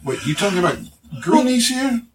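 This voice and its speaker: A man's voice: high-pitched, big pitch swings, fairly quick, a little hiss or hum, voice pushed up. A man voicing a weary, deferential older male orc who talks in a folksy drawl, recorded on a distant mic. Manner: folksy drawl, stammering and polite.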